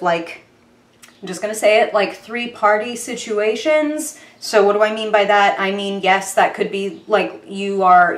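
A woman's voice: mid-range voice, reverberant. Chatty woman giving a tarot reading. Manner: chatty and excitable, with frequent fillers and apologies. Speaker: tarot reader.

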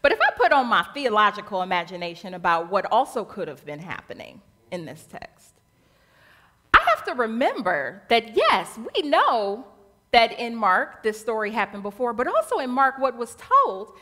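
A woman minister preaching a sermon in a colloquial, animated style with rhythmic repetition, in a church sanctuary. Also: fairly high pitch, moderate pace. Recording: long church reverb.

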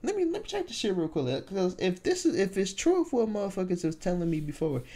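A man's voice: high voice, wildly swooping pitch, quick pace, warm tone. A young man telling a casual storytime, swearing freely and rambling with lots of fillers. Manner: profane, rambling with many fillers.

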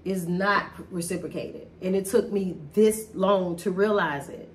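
Middle-aged woman, emphatic and animated, casual heartfelt talk, faint room noise. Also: medium pitch, unhurried. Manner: animated, emphatic, repeats herself for stress. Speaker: host talking about a family conflict. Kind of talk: emotional casual chat.

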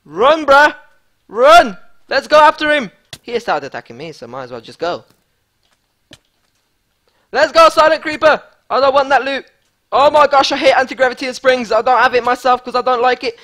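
A man giving excitable live gameplay commentary as a gaming YouTuber, hyped and repeating himself. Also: extremely high pitch, moderate pace, pauses often.

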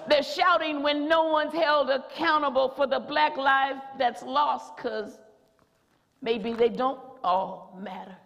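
A woman preacher delivering a rousing sermon in a church, repeating phrases and rising to shouts. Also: high voice, slow, gravelly, long reverb tail. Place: church sanctuary.

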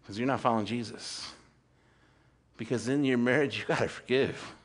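This pastor, a man in his fifties, delivers a sermon to a congregation at a normal speed in a medium-pitched voice. He rises to loud, emphatic peaks, drops into quiet asides, and peppers his preaching with rhetorical questions and calls for amen.

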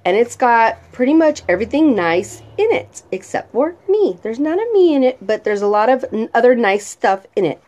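A woman's voice: a little high, sing-song, normal speed, hardly any pauses, darkish tone. A woman vlogger chatting casually about her favorite products and reading their descriptions aloud. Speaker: vlogger reviewing home fragrance products. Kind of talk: casual chat.

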